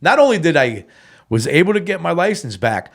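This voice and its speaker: A man co-hosting a casual sobriety podcast, telling a personal story in an animated way and dropping fillers like man and bro. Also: on the high side, fairly quick, creaky. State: tearful when reliving the moment. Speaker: podcast co-host.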